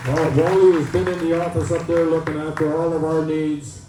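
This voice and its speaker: A man's voice: fairly high pitch, little pitch movement, brisk, a loud crowd. A man, emceeing an event and telling folksy jokes with plenty of uhs. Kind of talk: joke telling at a community event. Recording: echoey PA, distant mic, faint noise.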